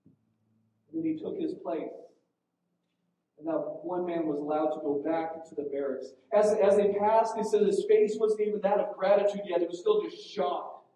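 A male preacher earnestly retells a story during his sermon and often restarts his phrases. His voice is high-pitched yet mellow. He is heard from a distance in a large, very echoey hall. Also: steady tone, normal speed.

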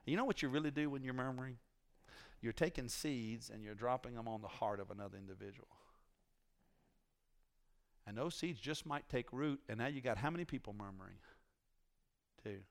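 A man's voice: medium pitch, moderate pace, creaky, long pauses. A male preacher giving a conversational sermon in a church, teasing his congregation and asking them questions.

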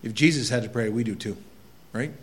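A man's voice: mid-range voice, a little fast. A middle-aged man preaching a sermon as pastor, talking casually with the congregation, asking them questions, and reading scripture aloud with growing intensity.

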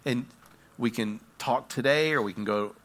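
Bright-voiced preacher man, dramatic delivery. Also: mid-range voice, moderate pace. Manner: dramatic storytelling, swinging from hushed to loud. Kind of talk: sermon.

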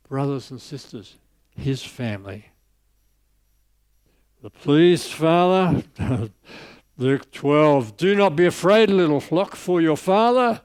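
A man's voice: a little high, expressive, takes it slowly, pauses often, clear, resonant tone, dry recording. Man preaching a storytelling sermon. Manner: storytelling, rising emphatic on scripture, dropping soft on key lines.

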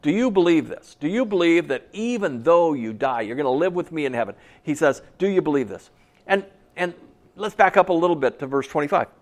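A male pastor delivers a sermon in church, his voice sitting a little higher than most men's. He preaches with energy and slips in playful asides to the congregation. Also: lively intonation, a little fast.

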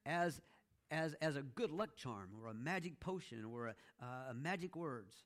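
A man's voice: mid-range voice, lively intonation, normal speed. A male pastor preaching a sermon in a conversational teaching style, telling a story with playful asides and often checking in with "okay?".

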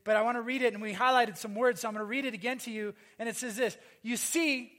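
A man's voice: very high voice, fairly even intonation, fast talker, a bit bright. A middle-aged male pastor preaching a sermon, emphatic, repeating his phrases and calling the congregation to say amen.

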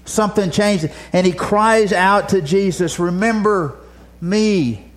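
A man preaching a sermon, telling stories dramatically and dropping from loud passages to a near whisper. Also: high-pitched, a little slow.

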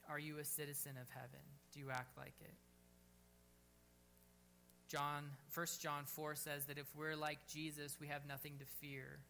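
A man preaching a sermon at a church service, fervent and urging, dropping to a quiet, gentle tone to lead prayer. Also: a little high, little pitch movement, moderate pace, vocal fry, slight background noise. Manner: fervent, rising to near-shouts on bold exhortations, then quiet and gentle in prayer. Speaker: pastor.

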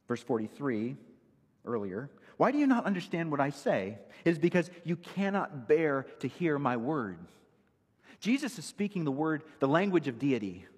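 Husky, lively preaching man. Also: mid-range voice, in a large hall. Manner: emphatic, teaching verse by verse. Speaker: pastor. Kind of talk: expository sermon.

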